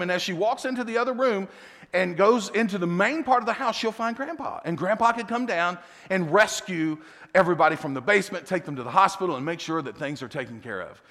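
A middle-aged male pastor, his voice a little higher than most men's, tells a story from the pulpit with chuckles and quick asides. The sound rings out in a church hall with a long reverb tail. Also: fairly bright tone. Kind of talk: sermon storytelling.

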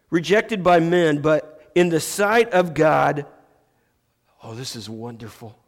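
A man preaching a sermon as pastor, slow and emphatic, restarting his phrases often. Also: high voice, expressive. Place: church sanctuary. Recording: long church reverb.

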